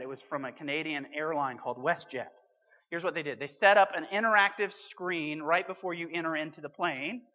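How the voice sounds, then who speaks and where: A pastor preaching a sermon in a conversational way, with emphatic swings between loud and quiet. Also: male voice, fairly high pitch. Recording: dull sound with long hall reverb.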